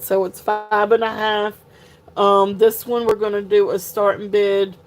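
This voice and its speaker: A woman's voice: mid-range voice, flat delivery, unhurried, soft background music, poor audio. A woman, hosting a live sale stream in a chatty, flustered way with sighs and laughs. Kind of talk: casual live-stream chat.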